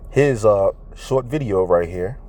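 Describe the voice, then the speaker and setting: A man's voice: on the low side, lively intonation, measured pace, dark tone, slight background noise. Profane, emphatic man preaching to viewers. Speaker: religious commentator. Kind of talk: casual religious commentary. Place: indoors at home.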